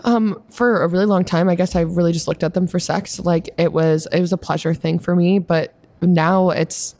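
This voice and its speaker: A woman's voice: on the low side, fairly even intonation, darkish tone, muffled recording. A woman in her twenties, a podcast guest, telling stories in a blunt, profane, casual way. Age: 20s. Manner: blunt, profane, rapid storytelling. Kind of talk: casual chat.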